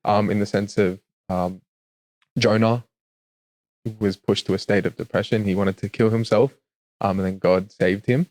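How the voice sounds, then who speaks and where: A man's voice: fairly low pitch, steady tone, moderate pace, darkish tone. A man hosting a faith podcast, chatting hesitantly with many "um"s and reading scripture aloud. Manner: hesitant, lots of "um"s, laughs easily. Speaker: podcast host.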